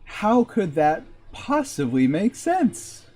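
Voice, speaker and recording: A man's voice: sits high, huge pitch swings, slow, warm tone. A young man from Massachusetts, a game streamer, rambling and joking in casual chat full of fillers while he plays.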